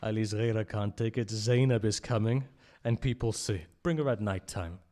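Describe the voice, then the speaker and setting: A man speaking at a mourning gathering in a religious centre hall, reciting with passion, swelling to loud cries and dropping low again, often asking the listeners direct questions. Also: moderate pace.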